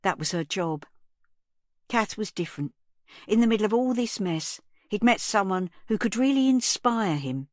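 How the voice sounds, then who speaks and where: In this scripted audiobook narration, a woman tells the story in a steady, measured way. Her pitch is mid-range, there's no room sound, and the audio is studio-clean.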